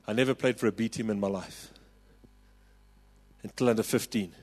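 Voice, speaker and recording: A South African man in his forties preaching a sermon, telling a personal story with passion and rising to loud calls. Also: on the low side, normal speed, long reverb tail. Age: 40s. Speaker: pastor.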